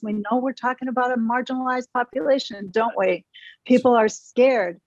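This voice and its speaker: Woman, therapist guest on a podcast; frank, lively delivery, dry dull-sounding mic. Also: fairly high pitch, normal speed, no echo. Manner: frank and energetic, mild swearing. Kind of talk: podcast interview.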